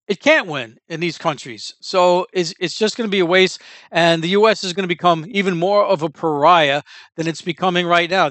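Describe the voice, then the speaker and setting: A man's voice: on the high side, a bit bright, no room sound. A man giving a casual, rambling opinion monologue as a commentator, blunt and prone to digressions.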